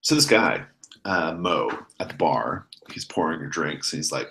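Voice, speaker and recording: A man's voice: extremely low pitch, lively intonation, normal speed, bright, forceful tone, slight background noise. A man running a tabletop game as game master, narrating in a rambling way with many restarts.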